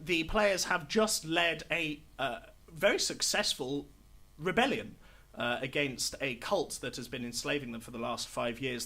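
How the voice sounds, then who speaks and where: A man runs a live tabletop game on stage, greeting the crowd and setting the scene. His voice is bright and a little high. He chats in an upbeat way with plenty of fillers. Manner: chatty, filler-heavy, upbeat. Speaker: game master. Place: live stage show before an audience.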